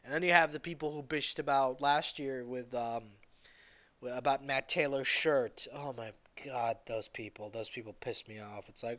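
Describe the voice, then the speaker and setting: A man's voice: medium pitch, normal speed, fairly bright tone. A man delivering a heated, profane vlog rant, repeating himself and stumbling over restarts, with bitter laughs. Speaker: vlogger.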